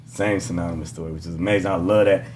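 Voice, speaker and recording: A man's voice: deep voice, steady tone, fast, background noise. A man hosting a casual interview, who mostly backs up his guest with "yeah" and "mm-hmm" and then reflects back on what he has said. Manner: affirming listener, frequent yeahs and mm-hmms. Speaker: podcast host.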